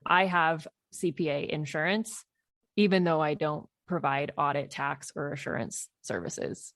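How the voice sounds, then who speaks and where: A woman's voice: low-pitched, unhurried, a bit bright, no echo. A woman podcast host giving casual, conversational business advice in a Q&A episode, laughing easily. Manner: conversational, laughs often, advisory.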